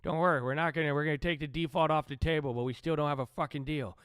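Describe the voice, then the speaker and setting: A man's voice: on the high side, steady tone, fast, a bit bright, clean tone, dry recording, studio quality, close to an everyday voice. A man doing a blustering, boastful old president. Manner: rambling, repetitive, profane boasting. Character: blustering older male president, boastful and crude. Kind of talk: comic impression on a live stream.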